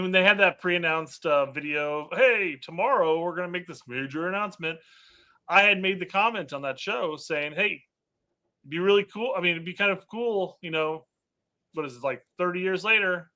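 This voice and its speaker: A man's voice: a little high, bright, forceful tone. A man co-hosting a soccer podcast, talking casually with many fillers and restarts. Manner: halting, filler-heavy, restarts. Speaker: podcast co-host.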